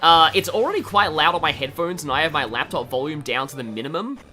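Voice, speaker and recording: A man's voice: on the high side, lively intonation, fast, sharp tone. An Australian man giving casual, rambling game commentary, full of fillers and laughter. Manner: rambling, chatty, laughs often, many fillers. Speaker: gaming video host. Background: faint game music.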